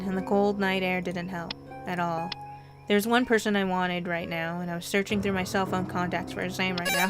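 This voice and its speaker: A woman reading a story game aloud with expressive delivery, stumbles and wry asides, music playing behind. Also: on the low side, brisk. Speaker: game narrator and player.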